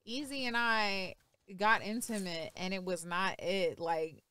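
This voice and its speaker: A woman's voice: medium pitch, unhurried, clean tone, no echo. A young woman co-hosting a podcast, talking candidly and telling stories with lots of "like.". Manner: candid, animated storytelling with lots of "like". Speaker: podcast co-host. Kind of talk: casual chat.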